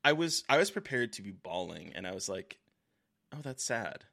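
A man co-hosting a casual film podcast, with a lowish voice and a bright, clear tone. He thinks aloud in a reflective way, with a dry sense of humor. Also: sing-song, moderate pace. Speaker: podcast co-host.

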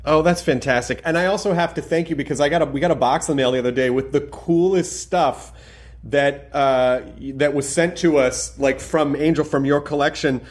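High-voiced enthusiastic podcast host. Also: male voice, moderate pace. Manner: enthusiastic, filler-heavy, lots of "like". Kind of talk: casual podcast chat.

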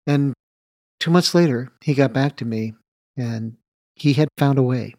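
A man's voice: mid-range voice, measured pace, long pauses, no echo, studio quality. A man, a winemaker, tells a long anecdote in an interview and acts out both sides of the conversation with light laughs. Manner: anecdotal, animated retelling of dialogue with light laughs. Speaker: winemaker guest. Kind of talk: storytelling interview.

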